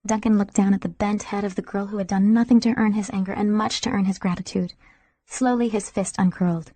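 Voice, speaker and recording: Woman audiobook narrator, soft and intimate with a mellow, breathy tone and a dry sound. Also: mid-range voice, fairly even intonation, fairly quick, no echo. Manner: soft, intimate, sometimes whispering.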